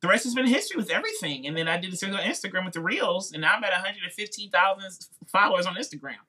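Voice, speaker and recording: Chatty bright-voiced man with Midwestern twang. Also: sits high, sing-song, rapid-fire. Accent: Midwestern American. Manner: chatty, informal, acts out quoted voices. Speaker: music YouTuber and coach, podcast guest. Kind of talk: casual interview storytelling.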